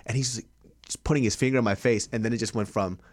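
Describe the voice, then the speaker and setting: A young man telling a story in a casual podcast chat, animated and swearing constantly. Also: mid-range voice, quick pace. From Los Angeles area.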